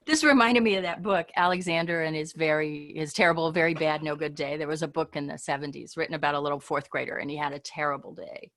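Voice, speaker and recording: A woman's voice: low-pitched, fairly even intonation, fast talker, few pauses, fairly bright tone. A woman teaching an online English class, talking in a chatty, informal way and often trailing off and restarting.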